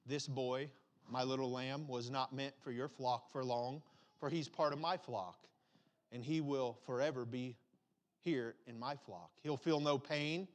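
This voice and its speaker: A man voicing God as a gentle, solemn male figure in a story he tells in a sermon. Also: mid-range voice, fairly even intonation, a little slow, close to an everyday voice. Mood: solemn, tender.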